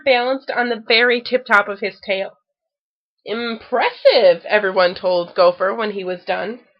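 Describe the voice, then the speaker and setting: A woman reading a children's story aloud with expressive storytelling. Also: fairly high pitch, highs cut off. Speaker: storybook reader.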